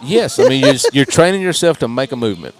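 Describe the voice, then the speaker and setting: A man co-commentating a live car race, chatty and quick to exclaim at surprises. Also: mid-range voice, very animated.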